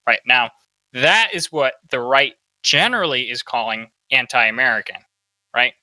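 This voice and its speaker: Bright-voiced opinionated male podcast host. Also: medium pitch, a little slow, no room sound, low-quality recording. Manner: opinionated, peppers talk with "right?". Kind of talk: casual political commentary.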